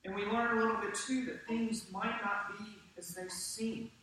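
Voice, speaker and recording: A man preaching a sermon to his congregation with animated delivery and questions to the room. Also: high voice, normal speed, recorded from a distance, background noise. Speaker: pastor. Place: church sanctuary. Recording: echoey church hall from off-mic.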